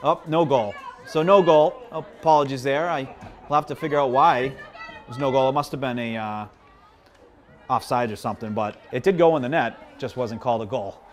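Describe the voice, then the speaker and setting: A man of middle pitch doing play-by-play outdoors at a high school game, with spectators clearly heard behind him. He chats easily with the folks at home, jokes about his own mistakes and explains the plays as they go. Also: normal speed. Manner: chatty, self-deprecating, jumps to yelling on big plays. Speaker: play-by-play commentator. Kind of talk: live local sports commentary. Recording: crowd noise behind.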